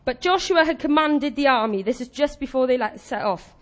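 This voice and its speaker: A woman with a high, bright voice delivers a sermon in a lively, conversational way. She laughs often and slips into little acted voices for the people in her stories. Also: a little fast. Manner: animated, chatty, laughs often and acts out quoted voices. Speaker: preacher.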